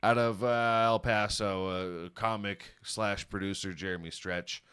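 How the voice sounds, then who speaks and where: A middle-aged man hosting a comedic solo podcast, rowdy and jokey, swinging between shouting and mumbling. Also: on the low side, fairly even intonation, a little slow, clean tone. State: out of breath. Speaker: podcast host.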